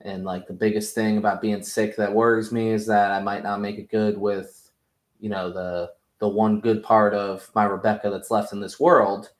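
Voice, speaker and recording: A gruff, dying vigilante stumbles through an apology, as a man voices him. The voice stays low and close to his usual speaking voice. A roomy echo hangs around it. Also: flat delivery, natural voice. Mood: remorseful. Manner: halting, apologetic.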